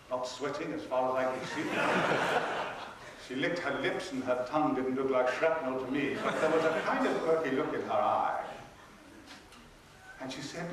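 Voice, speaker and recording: A man's voice: mid-range voice, background noise. Wry man, echoey distant hall. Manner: wry, theatrical storyteller. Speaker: convention panel guest. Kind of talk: humorous anecdote telling. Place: large convention hall. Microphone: far from the mic.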